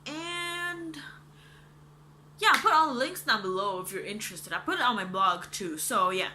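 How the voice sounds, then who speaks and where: An animated young woman rants through a book review in a casual chat. Her voice is bright and fairly high, she swears freely and says "like" a lot, and a faint hum sits behind her. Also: moderate pace. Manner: animated and ranting, swears freely, many likes.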